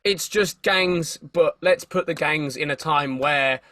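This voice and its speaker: A young man in casual chat, animated and swearing freely, often repeating words as he thinks. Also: on the high side, slow, dry recording, studio quality.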